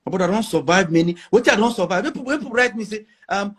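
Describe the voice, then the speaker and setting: A man's voice: high-pitched, animated, fast, hardly any pauses, a bit bright, husky. A middle-aged Nigerian man with a Nigerian accent, talking casually as an interview guest, boastful and emphatic, mixing in pidgin. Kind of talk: casual chat.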